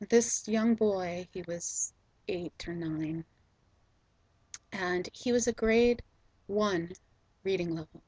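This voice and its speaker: A middle-aged woman hosting a spiritual video, telling a personal story in a soft, slow, gentle way with frequent ums. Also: lowish voice, no echo, poor audio.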